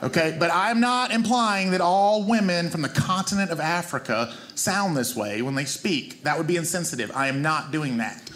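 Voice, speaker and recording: A man's voice: on the high side, lively intonation, normal speed, hardly any pauses, a bit bright. A man with a Southern US accent doing stand-up, telling a story with self-mocking asides. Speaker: comedian.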